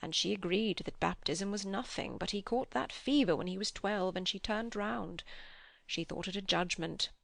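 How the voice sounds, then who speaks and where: A woman reading the part of a gentle, grieving old man who talks slowly and softly, with a quaver, in an audiobook. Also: mid-range voice, creaky, no echo. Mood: anguished. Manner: slow, soft, quavering.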